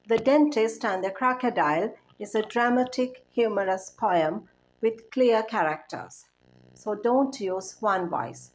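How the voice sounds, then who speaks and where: A woman reciting a poem and coaching students, with a clear, calm, measured delivery. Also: mid-range voice, a little hiss or hum. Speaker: recitation teacher.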